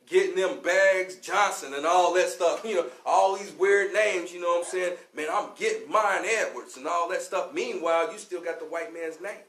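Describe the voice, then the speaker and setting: A man's voice: sits high, a bit bright. Fiery slangy man lecturing, roomy echo. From Louisville, Kentucky, US. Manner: fiery, slangy, repeats "you know what I'm saying". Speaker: class teacher on a radio show. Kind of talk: preaching street-talk lecture.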